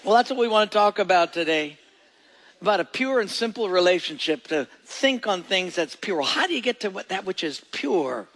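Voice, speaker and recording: Gravelly, folksy preacher man. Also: high voice, lively intonation, normal speed, a bit bright, long reverb tail, rough recording. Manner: folksy storytelling, asks the audience questions. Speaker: pastor. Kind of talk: sermon.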